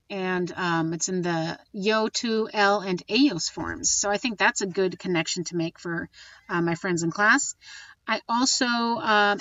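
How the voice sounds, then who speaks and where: A woman teacher thinks out loud as she plans a lesson, pausing on ums and restarting her sentences. Her voice has a bright, forceful edge and sits close and dry on the mic, with slightly dull lo-fi sound. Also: medium pitch, no echo. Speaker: Spanish teacher. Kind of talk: recorded classroom lesson walkthrough.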